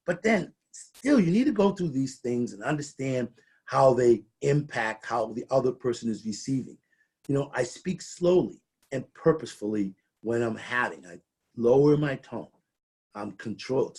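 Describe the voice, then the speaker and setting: A man's voice: mid-range voice, expressive, normal speed, darkish tone, slightly rough. A middle-aged man giving a conversational training presentation, often restarting and repeating words as he talks.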